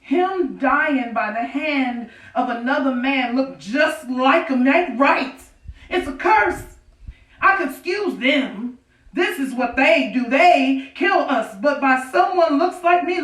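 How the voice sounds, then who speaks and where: On an outdoor stage at a farm, an actress playing an enslaved widow of the old South prays to God in a theatrical monologue, earthy and defiant with bitter anger. Her pitch is raised and her delivery slow and drawn out, folksy and confiding, breaking into rueful laughter. The sound is a bit bright, distant and echoey, as if recorded from far off.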